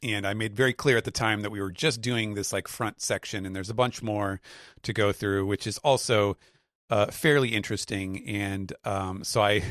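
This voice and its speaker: A man's voice: lowish voice, fairly even intonation, moderate pace, a bit bright, no room sound. A man on a podcast as a guest translator, talking in a dry, self-deprecating way with lots of "uh"s. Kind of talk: casual chat.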